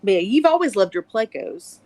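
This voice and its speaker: A woman's voice: mid-range voice, big pitch swings, a little fast, a little mellow. A woman with a Southern US accent chatting on a call, friendly and full of questions. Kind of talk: casual chat on a call.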